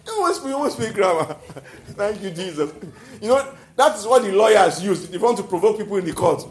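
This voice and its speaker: A Nigerian man preaching with a high, lively voice that carries through an echoey hall. He keeps calling out to his listeners and breaks into laughter as he drives his points home. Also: fairly quick. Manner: animated, calls out to the congregation, laughs often. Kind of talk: sermon.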